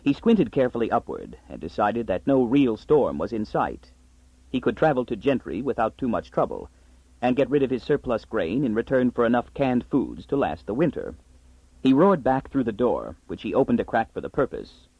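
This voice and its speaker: A man narrating a story in an expressive, scripted reading. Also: mid-range voice, normal speed, slightly rough, no echo. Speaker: audiobook narrator. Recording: dry, slightly muffled audiobook.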